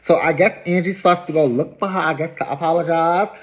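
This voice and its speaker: A woman casually recapping a reality show episode in an animated, gossipy storytelling manner. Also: deep voice, fairly quick.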